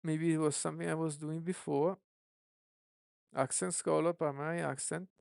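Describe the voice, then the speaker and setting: Developer streaming live code, thinks aloud, heavy vocal fry, dry close sound. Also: mid-range voice, steady tone, darkish tone, no room sound. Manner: musing, self-questioning, unhurried.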